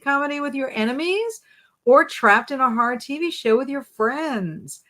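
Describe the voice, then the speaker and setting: A woman's voice: high voice, animated, moderate pace, bright, forceful tone. A young adult woman hosting a casual live stream at home, reading viewer comments aloud and answering them playfully, often laughing. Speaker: livestream host.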